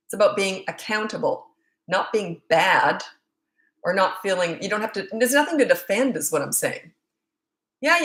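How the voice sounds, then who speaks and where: A middle-aged woman answers parenting questions in a loose, chatty way, dropping in personal stories and plenty of fillers. Her voice sits at an ordinary pitch. The room gives it a noticeable echo. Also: fairly bright tone. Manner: chatty, frank, anecdotal, full of fillers. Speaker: parenting coach. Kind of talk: casual Q&A answering viewer questions. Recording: roomy echo.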